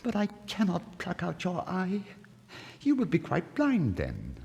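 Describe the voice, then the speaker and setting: A man voicing a high, eager little swallow. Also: wildly swooping pitch, a little slow, creaky, a little mellow, exaggerated voice. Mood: tender. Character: devoted, pleading little male swallow. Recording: reverberant old vinyl studio recording.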